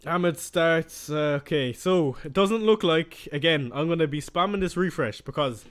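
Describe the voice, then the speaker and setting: A man's voice: fairly high pitch, a bit bright, clear, resonant tone. A young man chatting casually on a live stream, reading out and answering viewer questions as he goes.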